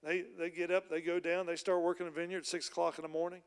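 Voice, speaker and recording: A man's voice: high-pitched, flat delivery, quick pace, clear, resonant tone, big-room sound. A man preaching a sermon as a pastor, retelling a parable in plain, conversational storytelling. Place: church.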